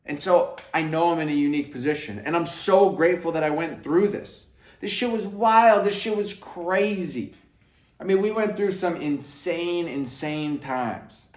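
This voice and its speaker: A man talks straight to camera in a brash, profanity-laced storytelling style. His voice sits a little high for a man. He drops into hushed asides, then breaks into loud, emphatic bursts. The sound is roomy, with a clear echo around him. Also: moderate pace. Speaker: vlogger.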